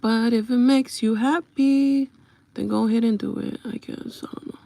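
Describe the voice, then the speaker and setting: A woman's voice: on the high side, steady tone, normal speed, gravelly, dark tone, no room sound. A young woman livestreaming from home on her phone, chatting casually and confidingly with viewers and bluntly brushing off trolls.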